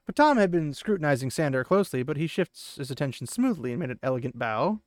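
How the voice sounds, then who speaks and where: Man, podcast host, casual book retelling, slightly high voice, dry close sound. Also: big pitch swings, fast, no room sound. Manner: paraphrasing, chatty asides.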